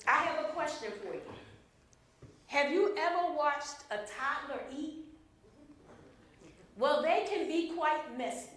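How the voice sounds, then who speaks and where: Slow, high-voiced woman preaching in an echoey room. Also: animated, a bit bright, a little hiss or hum. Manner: slow, deliberate preaching with emphatic pauses. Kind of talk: sermon.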